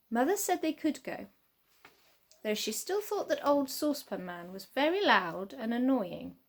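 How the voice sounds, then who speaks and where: A woman reading a children's storybook aloud with expressive, sing-song narration. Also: high voice, unhurried.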